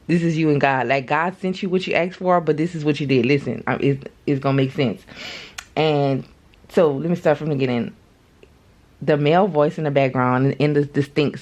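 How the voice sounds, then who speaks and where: A woman's voice: sits low, darkish tone. Chatty woman giving a spiritual reading. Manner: chatty, repeats herself, addresses viewers directly. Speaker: spiritual card reader. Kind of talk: casual spiritual reading to viewers.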